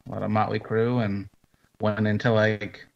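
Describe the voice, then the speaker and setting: A man chatting casually as a co-host, relaxed and hesitant with fillers. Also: on the low side, moderate pace, vocal fry. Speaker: co-host, paranormal investigator. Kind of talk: casual chat. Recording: dull lo-fi audio.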